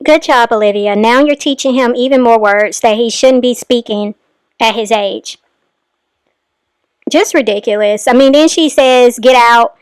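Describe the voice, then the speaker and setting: Woman reaction host, high and smooth, scolding tone. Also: a little slow, no echo. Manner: exasperated, scolding. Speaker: commentary host. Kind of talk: reaction commentary.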